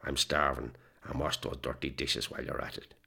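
Man playing a burly drunk in a storybook, slurred and surly, very deep and gravelly. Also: flat delivery, moderate pace, bright, forceful tone, full character voice. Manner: slurred, mumbling.

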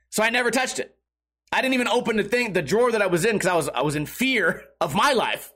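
A young man with a high voice reads articles aloud and riffs on them. He swears a lot, rambles and restarts his sentences mid-thought. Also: lively intonation, fast talker, bright, forceful tone. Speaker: streamer reacting to news articles. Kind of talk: casual profane commentary.

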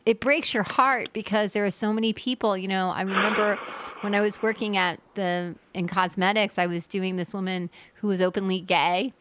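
A woman's voice: mid-range voice, normal speed, a little hiss or hum. A woman hosting a Christian talk show, chatting and telling a story with acted-out quotes. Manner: animated storyteller, acts out quotes. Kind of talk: casual chat interview.

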